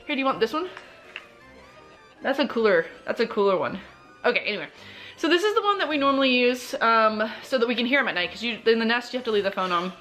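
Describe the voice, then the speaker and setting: Chatty young mom, slightly high voice. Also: female voice, animated, fast, fairly bright tone, faint music behind. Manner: chatty, rambling, lots of fillers. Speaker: mom vlogger. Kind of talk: casual vlog chat. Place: bedroom, lying in bed.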